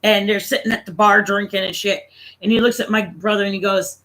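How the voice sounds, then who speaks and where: A man in his thirties spins a loose, profane family story for his stream. His voice sits high and bright. He talks in a casual, rambling way. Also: steady tone, a little fast, low-quality recording. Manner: profane, laughing anecdote-teller.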